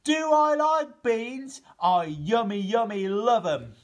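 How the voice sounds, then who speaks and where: A man doing a booming hungry giant. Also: animated, takes it slowly, vocal fry, exaggerated voice. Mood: delighted roar. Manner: roaring, grumbling. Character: hungry lonely male giant, big and bellowing.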